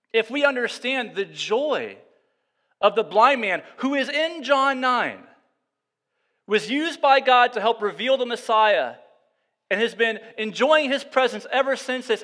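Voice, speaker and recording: A male pastor preaching a sermon, moving between quiet, slow reflection and loud, emphatic passages. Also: very high-pitched, big-room sound.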